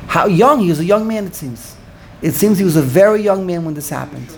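An older man with a high, fairly quick voice teaches an informal Torah class. He's animated, repeating words and searching for the right one.

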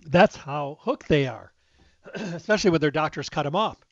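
A man's voice: fairly high pitch, lively intonation, moderate pace, dry recording. A man hosting a casual health talk, telling a personal story and acting out the dialogue in a conversational way. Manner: conversational, retells dialogue, stresses repeated words. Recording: dull dry lo-fi recording.

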